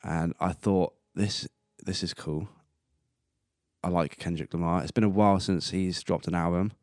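Deep-voiced young man rambling on a podcast. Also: steady tone, brisk, a little mellow, clear, resonant tone, no echo, studio quality. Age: 20s. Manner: rambling and self-amused, laughing at his own jokes. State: coughing and burping now and then. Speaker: podcast host. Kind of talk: casual solo podcast monologue. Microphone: close podcast mic.

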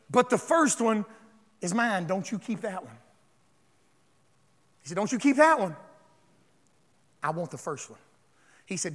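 A man preaching a sermon as pastor, calling on the congregation to respond and building up to shouts. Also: sits high, big pitch swings, a little slow, pauses often, in a large hall.

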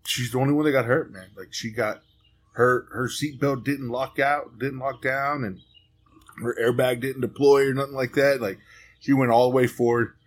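A man's voice: mid-range voice, fairly even intonation, moderate pace. A man hosting a podcast, in a loose, profane, storytelling chat with friends. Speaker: podcast host. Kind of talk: casual chat.

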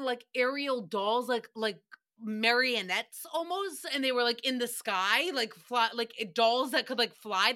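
A young woman hosting a podcast, recapping a show in a casual, joking way, swearing freely and slipping into quick silly voices. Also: fairly high pitch, sharp tone. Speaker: podcast host.

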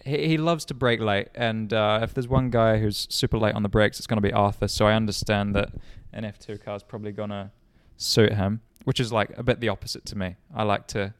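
A man's voice: lowish voice, steady tone, fairly quick, hardly any pauses, clear, resonant tone, dry recording. A young man and racing driver co-hosting a podcast in casual, joking banter. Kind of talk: casual chat.

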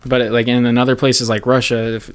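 A young man talking loosely on a podcast, rambling from one tangent to the next. His pitch sits in the ordinary middle range. He slips into quick comic voices to act out scenes. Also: level tone, clean tone. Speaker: podcast guest, comedian. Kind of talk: casual podcast chat.

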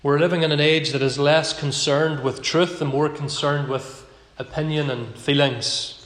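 Male pastor, sermon delivery, earnest with slow emphatic phrases; fairly high voice, roomy reverb. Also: a bit bright. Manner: earnest, slows down to stress key phrases. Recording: echoey hall with long reverb.

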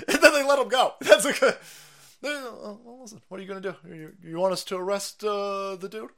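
A man's voice: sits high, fairly quick, vocal fry, fairly bright tone. A man ranting on a live stream, sarcastic and profane, who often laughs at his own jokes. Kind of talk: profane political rant.

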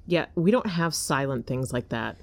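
A woman co-hosting a podcast, reacting with short interjections and quick comments. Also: very deep voice, lively intonation, gravelly. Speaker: podcast co-host listening. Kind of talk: casual chat.

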